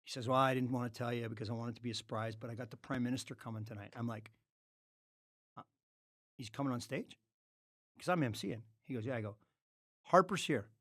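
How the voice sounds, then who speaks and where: A middle-aged man, a former hockey player, telling stories as a podcast guest in a studio. He swears freely and breaks into loud outbursts. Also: mid-range voice, quick pace, long pauses, no room sound. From Canada. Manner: animated, profane storyteller with loud outbursts. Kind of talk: casual storytelling.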